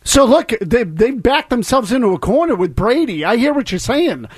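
A male co-host on sports radio questions every claim the others make. His voice is high, and the mic sound is dry and close. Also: big pitch swings, moderate pace, slightly rough, no room sound. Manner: skeptical, challenging. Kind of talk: sports talk radio debate.

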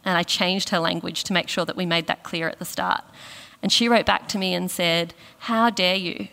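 A woman's voice: on the low side, steady tone, a little fast, creaky, pushed and bright, in a large hall. An Australian woman speaking as a guest author in an interview, thoughtful and self-deprecating. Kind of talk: reflective conversational interview.

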